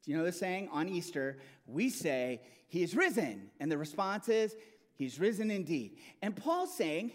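Animated high-pitched male preacher. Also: moderate pace. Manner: animated, emphatic preaching with rising and falling intensity. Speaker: pastor. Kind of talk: sermon.

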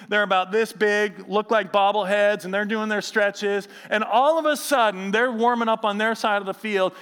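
A man in his thirties or forties, a pastor preaching a sermon, telling stories with animation and reading scripture slowly. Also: high voice, in a large hall. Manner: animated storytelling, acting out others' voices; reads scripture slowly and gravely.

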